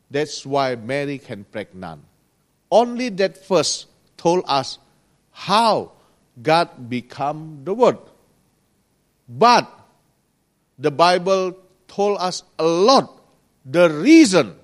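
A man preaching a sermon with a slow, earnest delivery, pausing often and pressing certain words, in non-native English grammar. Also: fairly high pitch. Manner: slow, earnest preaching with pauses and rising emphasis.

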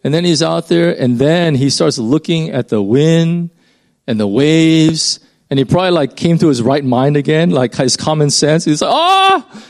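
A man's voice: a little high, moderate pace, a little mellow. A man preaching a sermon in an informal, conversational way, rambling a bit and pushing his voice up for emphasis.

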